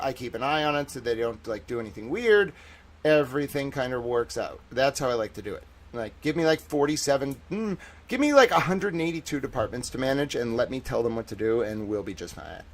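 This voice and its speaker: Male streamer, mid-pitch voice, rambling and sarcastic, loud bursts then mutters. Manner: rambling, digressive, swings between loud outbursts and muttered asides; profane, sarcastic. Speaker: livestream host. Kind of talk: casual livestream commentary.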